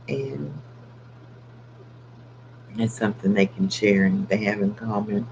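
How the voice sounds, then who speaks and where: A man's voice: fairly low pitch, huge pitch swings, measured pace, creaky, pauses often, mellow. An older man chatting casually on a late-night live stream with his dog, keeping his voice down so he won't wake the house. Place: home at night. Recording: dull lo-fi with faint hum.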